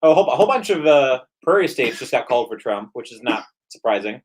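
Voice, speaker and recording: A man's voice: medium pitch, big pitch swings, quick pace. A man hosting a casual livestream chat while drinking, rambling with stammered restarts. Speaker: stream host.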